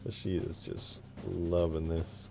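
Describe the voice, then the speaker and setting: A young man chats casually as he works on a game mod. He rambles with plenty of fillers and laughs often. His voice has a gravelly, fry-laden texture. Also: sits low, little pitch movement, takes it slowly, over music. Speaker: game modding channel host. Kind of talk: casual chat while modding.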